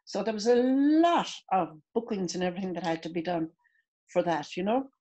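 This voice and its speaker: A woman's voice: mid-range voice, fairly quick, warm tone, dull audio. A woman with an Irish accent, a guest reminiscing in a chatty way with many restarts over a video call. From Ireland. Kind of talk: video call interview chat.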